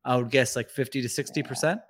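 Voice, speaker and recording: A man's voice: medium pitch, steady tone, fast, a bit bright. A man on a sports podcast panel, chatting casually with wry jokes.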